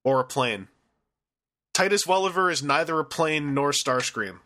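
Bright-voiced joking podcast host, a man. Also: on the high side, animated, normal speed. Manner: rambling, joking, quotes reader comments. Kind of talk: casual chat.

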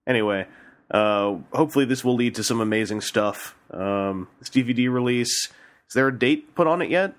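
A man's voice: medium pitch, moderate pace, a bit bright. Playful male podcast host. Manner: jokey, playful, reads listener questions aloud. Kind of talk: casual podcast chat.

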